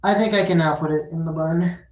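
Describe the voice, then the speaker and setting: Low-voiced woman streamer, loose and rambling. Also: fairly even intonation, fairly quick. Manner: loose, rambling, swears casually. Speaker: livestreamer. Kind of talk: casual livestream chat. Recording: echoey room.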